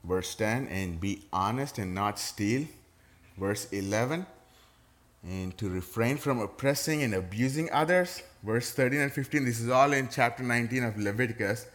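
A man's voice: medium pitch, moderate pace, a bit bright. Middle-aged man preaching a conversational sermon. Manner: conversational, with playful sarcasm. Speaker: pastor.

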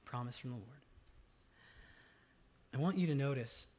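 A man preaching a sermon as pastor, conversational and dynamic, swinging between loud emphatic lines and soft, low ones. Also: moderate pace, slight background noise. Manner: conversational with fillers and asides.

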